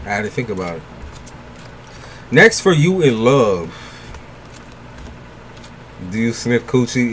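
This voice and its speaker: A man's voice: medium pitch, lively intonation, unhurried, long pauses, a little hiss or hum. A man giving a tarot reading on a livestream in casual chat with viewers, loose, joking and profane, blunt with his advice and laughing often. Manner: blunt, gives frank advice.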